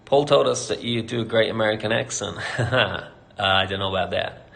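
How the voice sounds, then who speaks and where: A British man with a fairly low voice hosts a casual live Q&A as a company CEO. He reads each question aloud and answers in a candid, chatty way, scattered with ums and soft laughs. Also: normal speed, creaky. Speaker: company CEO hosting an AMA.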